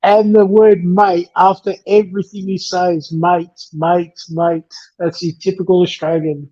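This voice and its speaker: Joking guy, highish mellow voice, kinda dull lo-fi sound. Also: flat delivery, moderate pace. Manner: joking, teasing asides. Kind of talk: casual live-stream chat. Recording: dull lo-fi audio.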